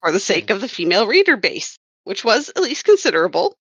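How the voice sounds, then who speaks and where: A woman with a bright, forceful voice talks through her comics work in a loose, rambling way. She keeps correcting herself with wry asides. The recording is dry and a little muffled. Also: medium pitch, big pitch swings, quick pace, slightly rough, dry recording. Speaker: comics writer and colorist. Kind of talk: casual podcast chat.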